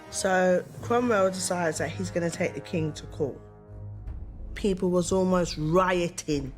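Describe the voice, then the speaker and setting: Woman, drunk comic storyteller, animated with bursts of put-on voices. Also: on the low side. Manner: animated, swings into shouty character voices. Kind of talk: tipsy comic storytelling in London slang.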